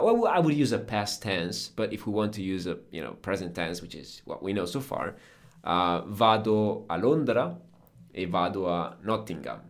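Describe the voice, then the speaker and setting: A man with a very deep voice and an Italian accent teaches his own language in a relaxed conversational lesson. He explains each point patiently and clearly, with a native speaker's ease.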